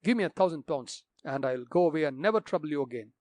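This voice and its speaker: A man's voice: on the high side, lively intonation, fast, a little mellow, no room sound, close to an everyday voice. A man voicing a desperate, vicious captain who threatens and demands money fiercely.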